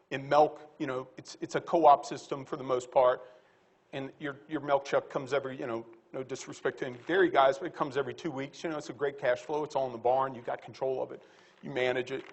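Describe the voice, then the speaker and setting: A man speaking as a panelist at a livestock conference, blunt and folksy, animated, with quick quips. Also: medium pitch.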